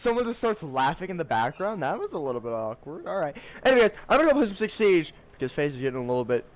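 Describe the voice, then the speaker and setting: A teenage boy chatting casually to his vlog audience, tired and rambling, with excitable bursts. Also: a little high, fast, a little hiss or hum. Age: teens. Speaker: high school student vlogger.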